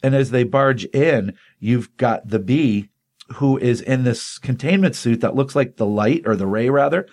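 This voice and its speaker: Guy on a comics podcast recapping an issue, lots of ums and restarts, average pitch. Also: a little slow, darkish tone. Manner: rambling, many ums and restarts, acts out dialogue. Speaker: comic book podcast co-host. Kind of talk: casual chat, retelling a comic issue.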